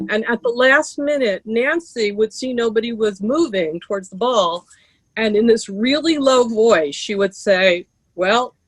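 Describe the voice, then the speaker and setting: A woman's voice: medium pitch, no room sound, rough recording. A woman speaking as an old friend at an online memorial, telling casual stories over a video call. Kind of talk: casual storytelling remembrance.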